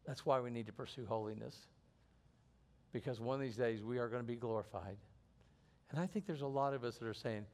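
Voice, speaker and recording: Earnest middle-aged preacher, medium voice. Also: male voice, mid-range voice, fairly quick, long pauses. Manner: earnest, repeats and restarts phrases. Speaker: pastor. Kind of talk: sermon.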